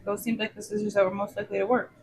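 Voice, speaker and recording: A woman's voice: mid-range voice, flat delivery, very fast, a little mellow, a little hiss or hum, poor audio. A woman chatting playfully and teasing while she cooks on a stream in her home kitchen. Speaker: cooking streamer. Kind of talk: casual cooking stream chat.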